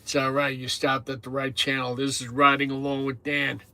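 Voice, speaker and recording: Chatty fifties man with a bright voice. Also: medium pitch, completely flat delivery, normal speed. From New Jersey. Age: 50s. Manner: chatty, greets viewers by name, swears casually. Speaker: truck driver livestream host. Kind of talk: casual live chat. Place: truck cab on lunch break.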